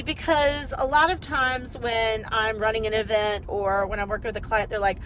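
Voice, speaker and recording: A woman business coach chatting casually on a live video, rambling and energetic, talking into a phone while driving. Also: on the high side, moderate pace, hardly any pauses, a little hiss or hum, rough recording.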